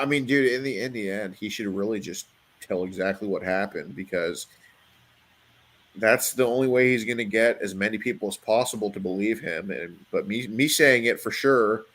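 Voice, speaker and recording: A man's voice: lowish voice, a bit bright. Hesitant swearing young man. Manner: hesitant, swearing, frequent restarts. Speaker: panel guest. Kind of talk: casual online panel chat.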